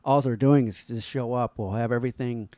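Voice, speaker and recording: A man's voice: mid-range voice, fairly even intonation, a little fast, warm tone, no echo. A man co-hosting a podcast in casual chat, rambling and hedging, with frequent swearing. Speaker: podcast co-host.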